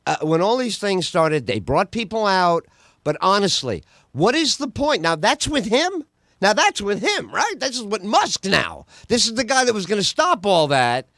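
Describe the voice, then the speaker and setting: Comedian guy hosting his podcast, high and bouncy, laughs at his own jokes. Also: big pitch swings, moderate pace, a bit bright, no echo, studio quality. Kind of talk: energetic comedic podcast chat.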